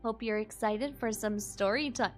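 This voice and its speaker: A young woman streamer chatting casually with her viewers, excitable and quick to squeal minced oaths. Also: a little high, soft background music. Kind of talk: casual live-stream chat.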